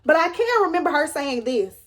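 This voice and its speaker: A young woman telling a dramatic storytime to her viewers, animated and emphatic. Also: high-pitched, brisk. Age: young adult. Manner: animated, dramatic retelling with rising squeals. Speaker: storyteller vlogger. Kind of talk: storytime vlog.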